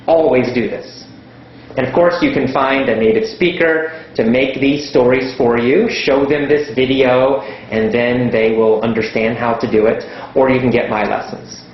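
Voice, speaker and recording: Male language teacher, slow emphatic delivery, heavy room echo, faint background noise. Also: mid-range voice, lo-fi sound. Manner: slow, emphatic, repeats words for stress. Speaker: English teacher. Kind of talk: teaching lesson.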